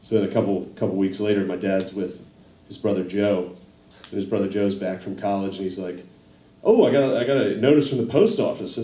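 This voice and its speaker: A man's voice: sits low, fairly quick. A man doing stand-up, telling a long profane story in a loose, laughing way before a live audience. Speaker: stand-up comedian. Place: large studio theater with live audience. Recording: roomy hall, distant mic, loud audience laughter.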